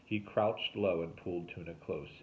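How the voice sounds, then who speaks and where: Low-voiced man reading a novel aloud. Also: normal speed, a little hiss or hum. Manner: expressive storytelling with lively pitch. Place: home, remote recording. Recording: tinny phone-like sound.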